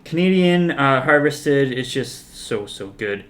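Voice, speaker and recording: A man of ordinary, middle pitch hosts a spirits review in an easygoing, unscripted way. He talks with lots of "like" and "um" fillers, relaxed and conversational. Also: takes it slowly, slight background noise. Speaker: whiskey reviewer host. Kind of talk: casual review talk.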